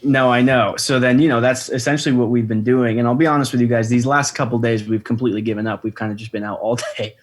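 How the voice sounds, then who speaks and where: A young man, a podcast guest, telling a trip story in a relaxed, chatty way, swearing freely and saying "you know" a lot. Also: medium pitch, quick pace, few pauses. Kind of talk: casual chat.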